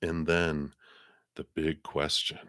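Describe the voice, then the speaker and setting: A man's voice: very deep voice, flat delivery, slow pace, sharp tone, no echo, studio quality. A middle-aged man giving a live tarot reading to a viewer, musing aloud with frequent chuckles and repeated words as he searches for the right ones. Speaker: tarot card reader.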